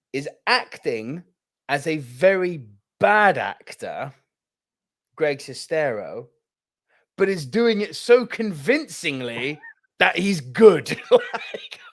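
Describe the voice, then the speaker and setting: Casting: excitable male podcast co-host, swings his pitch all over, laughs and swears constantly. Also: slow, pauses often. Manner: animated, swears a lot, laughs often, acts out movie quotes. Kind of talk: casual movie podcast chat.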